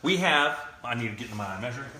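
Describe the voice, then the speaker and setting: A man's voice: medium pitch, animated, fast talker, sharp tone, roomy sound, a little hiss or hum, rough recording. A man hosting a cooking demonstration, chatting loosely and joking as he explains each step. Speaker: cooking show host. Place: kitchen studio.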